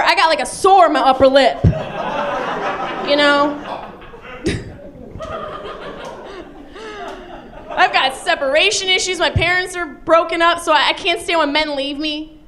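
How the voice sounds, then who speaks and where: A woman's voice: extremely high pitch, a bit bright. A woman doing stand-up with a rambling, needy, self-deprecating delivery. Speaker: stand-up comedian. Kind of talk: stand-up routine. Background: audience laughing.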